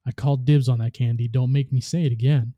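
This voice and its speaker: Snooty sneering female ghost read by a man, dark mellow voice, dry room. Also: mid-range voice, steady tone, fast, dry recording, dull audio, close to an everyday voice. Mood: scornful. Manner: sneering, scoffing.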